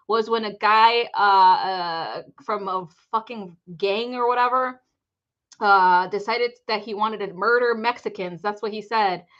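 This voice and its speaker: A woman's voice: medium pitch, pushed and bright, muffled recording. A woman hosting a live psychic reading stream, telling rambling stories in casual chat, laughing often and swearing freely.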